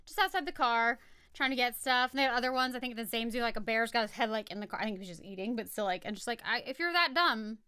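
A woman's voice: on the high side, fast talker, pushed and bright, clear, resonant tone, dry recording. A woman co-hosting a podcast in casual chat, blunt and rambling, swearing freely as she tells stories. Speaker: podcast co-host.

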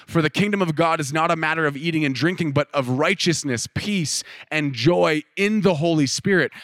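A man's voice: fairly high pitch, a bit bright, no echo. A male pastor giving a casual, conversational sermon, often acting out what people in the story might say. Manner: casual, conversational preaching with filler "like" and acted-out quotes.

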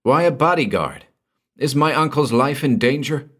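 A man's voice: mid-range voice, lively intonation, moderate pace, fairly bright tone, pitched above the performer's own voice. A man reading a story aloud, voicing a brash young man who snaps out urgent, alarmed questions.

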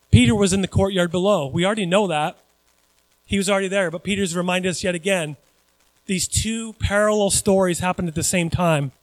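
Man, pastor, high voice, animated conversational sermon, dry close sound. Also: dry recording, rough recording. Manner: animated, conversational preaching with asides to the congregation.

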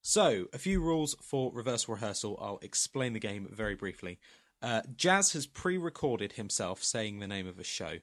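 A man briefly and clearly explaining the rules of a party game. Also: on the low side, sing-song, normal speed, fairly bright tone, dry recording, clean studio sound. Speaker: rule explainer, regular player.

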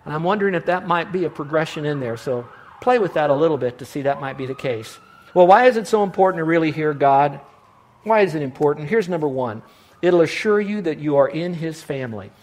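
A man preaching a sermon as pastor, emphatic and slowing down to stress the verses he quotes. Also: a little high, animated, darkish tone.

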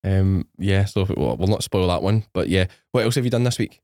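A man's voice: low-pitched, expressive, fairly quick, darkish tone, no room sound, clean studio sound. A man hosting a podcast in casual chat, joking and teasing his co-host.

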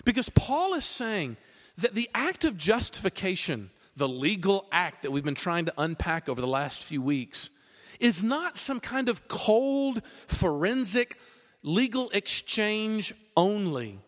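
A high-voiced male pastor delivers a lively, conversational sermon. His pitch swoops up and down as he preaches. The recording carries the long reverb of a large hall. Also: unhurried. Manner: conversational, animated preaching with many fillers.

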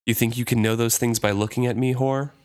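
A curt, scornful pirate captain snaps his questions out coldly, as a man reads him from a novel. His voice sits at an everyday middle pitch. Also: fairly even intonation, fairly quick, a little mellow, natural voice. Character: cold, harsh male pirate captain.

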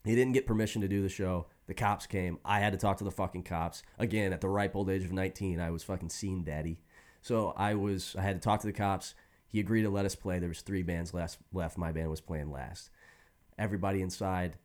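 A man's voice: low voice, brisk. A man telling a long story in casual chat, swearing freely and laughing often. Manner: profane, animated, laughs often.

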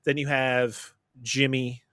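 Profane, joking podcast host. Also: male voice, mid-range voice, little pitch movement, slow, a bit bright, no echo. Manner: profane, laughing, jokey retelling. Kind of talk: casual movie recap chat.

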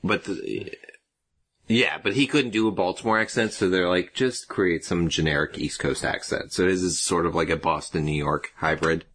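Wisecracking male co-host, bright and forceful, slightly husky. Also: low voice, moderate pace. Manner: wisecracking, sarcastic, laughs at own jokes. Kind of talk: casual chat.

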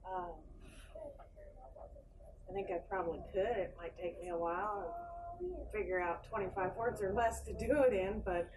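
Measured woman answering in class. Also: mid-range voice, animated, background noise. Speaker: Bible class participant.

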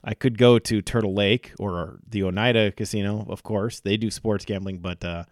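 Lower-voiced podcast host, dry sound. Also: male voice, fairly even intonation, moderate pace, no room sound. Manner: jokey, self-deprecating, fillers and restarts. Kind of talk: casual sports chat. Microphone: podcast mic.

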